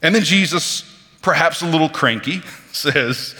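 Man preaching, lively sermon delivery, bright forceful tone, long church reverb. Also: fairly high pitch, a little slow. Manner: animated, conversational, acts out quoted voices. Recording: reverberant hall.

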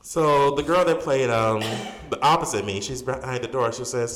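A man in his usual middle pitch tells theater stories as an interview guest, rambling with fillers and restarts. The sound is roomy, with a long echo trailing off each phrase. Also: moderate pace, a little hiss or hum. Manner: animated storyteller, many fillers and restarts. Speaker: stage actor guest. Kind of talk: casual storytelling interview. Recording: roomy reverberant room.

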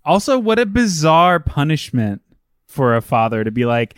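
A man co-hosting a podcast, chatting casually and enthusiastically, full of fillers and quick asides. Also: fairly high pitch, very animated, a bit bright, clean tone, no room sound, studio quality. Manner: enthusiastic, rambling with many fillers. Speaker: podcast co-host. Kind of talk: casual chat.

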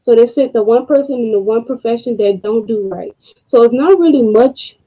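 A woman hosting a podcast, speaking in a casual monologue, emotional and frustrated, with slow deliberate pauses. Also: a little high. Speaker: podcast host. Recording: dull lo-fi audio.

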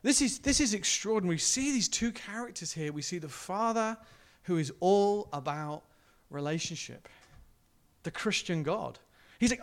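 A male pastor preaching a sermon in a church, telling the story in an animated way and acting out the quotes. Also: sits high, normal speed.

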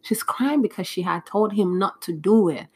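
A woman's voice: medium pitch, expressive, moderate pace, a little mellow, slightly rough. A woman hosting a solo podcast, talking casually in a rambling, scattered way with frequent restarts, audibly frustrated and flustered. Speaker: podcast host.

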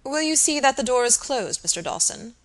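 A woman's voice: sits high, expressive, fairly quick, pitched above the performer's own voice. A woman reading an audiobook and voicing a grave, suspicious young male barrister who speaks with insistent earnestness.

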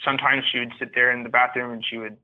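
A man's voice: medium pitch, little pitch movement, fast talker. A man, a podcast guest, telling his own story in an earnest, candid and reflective way. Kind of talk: personal storytelling. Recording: tinny phone-like line.

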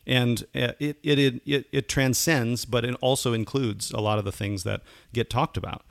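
A man's voice: medium pitch, steady tone, normal speed, creaky, few pauses, no echo, clean studio sound. A man co-hosting a podcast, a pastor chatting casually, rambling with many restarts.

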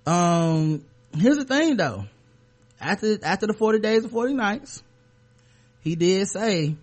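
Male podcast host, sarcastic and rambling, voice on the higher side for a man. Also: lively intonation, unhurried. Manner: sarcastic, joking, loose and rambling. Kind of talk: casual comedic podcast chat.

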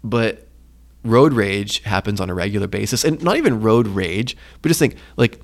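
A man's voice: fairly low pitch, normal speed. Man, podcast co-host, casual faith chat, storyteller, acts out quotes. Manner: retells stories with lively acted-out quotes.

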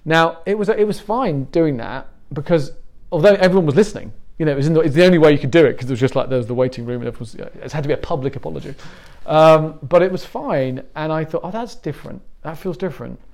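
A man's voice: fairly high pitch, quick pace, a little mellow. A middle-aged Englishman giving a conversational sermon as a pastor, telling stories with self-deprecating humor.

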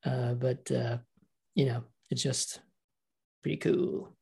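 A man co-hosting a podcast in casual chat, excitable, laughing often and restarting his sentences. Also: mid-range voice, takes it slowly, creaky, slightly rough. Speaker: podcast co-host.

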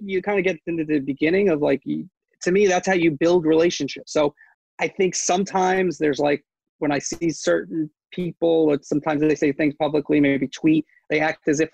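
A man's voice: a little high, vocal fry, a little mellow, dry recording, lo-fi sound. A man who works as a sports media reporter, talking casually in an interview, rambling with many fillers and restarts.

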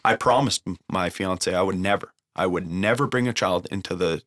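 A man's voice: low-pitched, moderate pace, a bit bright, no room sound, studio quality. A young man telling an emotional recovery story in a casual way, swearing freely and using lots of fillers. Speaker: guest sharing a recovery story.

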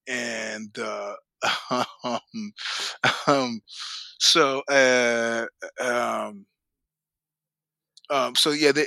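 An older man as an interview guest, telling animated anecdotes with acted quotes and laughter. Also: mid-range voice, dry recording. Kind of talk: storytelling interview.

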